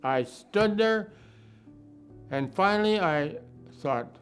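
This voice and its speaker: A man's voice: medium pitch, measured pace, faint music behind. A man over a hundred years old, a war veteran from Minnesota, telling his memories in a documentary interview and acting out the remembered dialogue. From Minnesota, United States. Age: 100s. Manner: reflective, acts out remembered dialogue.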